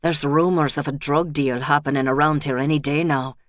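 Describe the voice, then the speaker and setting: A man's voice: fairly high pitch, steady tone, a little fast, fairly bright tone, no echo, studio quality, lightly acted. A woman doing a guarded policeman. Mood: guarded, confiding. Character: nervous young Irish police officer.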